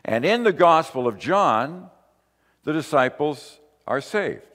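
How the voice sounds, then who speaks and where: A man's voice: on the high side, very animated, takes it slowly, a bit bright, long reverb tail. A man giving a conversational sermon, walking through a Bible passage and putting questions to his listeners. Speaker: preacher.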